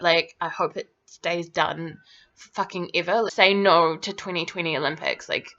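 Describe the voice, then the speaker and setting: A woman's voice: lowish voice, fairly bright tone. A woman ranting indignantly to camera in a vlog, swearing often and filling her talk with "like". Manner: indignant, swearing, constant "like" fillers. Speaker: vlogger. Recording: dull lo-fi recording.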